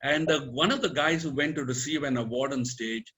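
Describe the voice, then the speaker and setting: A man's voice: mid-range voice, brisk, a bit bright. A man giving casual advice on public speaking, talking conversationally and correcting himself as he goes. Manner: conversational, with fillers and self-corrections.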